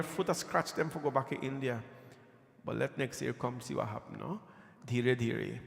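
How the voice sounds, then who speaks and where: Brief: male preacher, somewhat high voice, folksy storytelling sermon, long temple-hall reverb. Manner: folksy, conversational storytelling with repeated phrases. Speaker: preacher leading a scripture reading. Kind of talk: devotional sermon.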